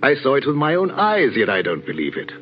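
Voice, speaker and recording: An anxious older village vicar in a 1940s radio play, earnest and fatherly, with an expressive voice. The old recording is dull with a faint hiss. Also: mid-range voice, brisk. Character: worried older village vicar, kindly but sharp.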